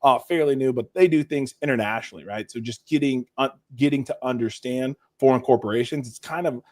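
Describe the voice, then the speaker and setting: A man's voice: medium pitch, a little fast, dry recording. Podcast guest, man, mid-range voice, casual and rambling, lots of restarts, dry close recording. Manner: rambling, with many restarts and "like" fillers; relaxed and self-deprecating. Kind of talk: casual interview chat.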